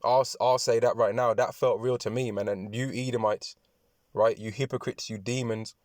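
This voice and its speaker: A man preaching and reading scripture aloud, talking in repetitive, halting phrases with many restarts, often tagging lines with "man" and "right". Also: mid-range voice, steady tone, darkish tone, no room sound, clean studio sound. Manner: addresses listeners with "man" and "right". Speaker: religious speaker.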